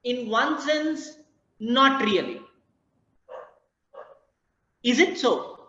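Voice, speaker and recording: A woman giving an online academic lecture, talking deliberately with pauses and "uh" fillers. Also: a little high, sing-song, bright, forceful tone. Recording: echoey, muffled online call audio.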